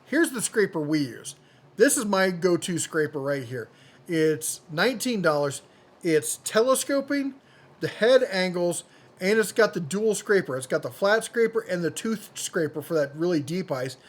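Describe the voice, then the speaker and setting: A man with a slightly raised pitch runs through weekly product deals as a channel host. His delivery is casual and jokey, and he often restarts a sentence to correct himself. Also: expressive, moderate pace. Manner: chatty, jokey, self-correcting. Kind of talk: casual product deal rundown.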